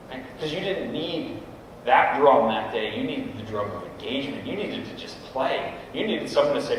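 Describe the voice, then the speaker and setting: In a large meeting room, a middle-aged man speaks as a guest to coaches, keeping it conversational and often tossing in "right?" to engage the room. His voice is medium-pitched, expressive, and brisk; a distant camera picks up the echoey hall and slight background noise.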